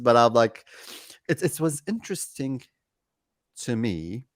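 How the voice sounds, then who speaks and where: A man talking casually as a guest in an interview, telling a story with lively energy and acting out both sides of the conversation. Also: medium pitch, measured pace, pauses often, no room sound, clean studio sound. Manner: animated, acts out both sides of anecdotes. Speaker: guest, company CEO.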